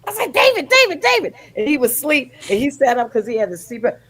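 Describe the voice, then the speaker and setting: A woman's voice: fairly high pitch, very fast, over a noisy crowd, poor audio. Older woman telling a heartfelt story. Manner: animated, acts out quoted voices. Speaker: podcast guest. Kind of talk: emotional personal storytelling.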